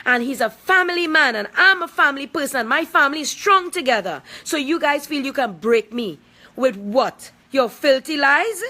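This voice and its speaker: A woman's voice: sits high, expressive, normal speed, sharp tone. A woman, speaking out in a confrontational, emphatic personal video, repeating points for force. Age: 40s. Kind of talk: angry personal video statement.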